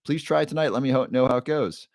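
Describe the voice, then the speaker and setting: A man's voice: mid-range voice, quick pace, a little mellow, dry recording, studio quality. A man hosting a casual live stream as a neuroscientist, upbeat, greeting viewers by name and often restarting his sentences.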